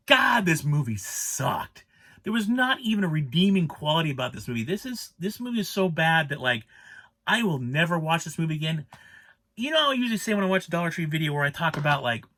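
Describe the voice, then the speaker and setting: Fast-talking exasperated man ranting about a movie. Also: a little high, pushed and bright. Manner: rambling, exasperated ranting with many restarts. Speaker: movie reviewer. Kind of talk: casual spoken movie review.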